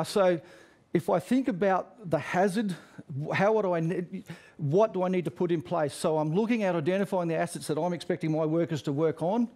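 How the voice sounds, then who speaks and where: A middle-aged man with a fairly high voice talks through a webinar presentation. He is earnest and a little repetitive, coming back to his key message with the odd restart. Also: darkish tone. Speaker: safety regulator presenter.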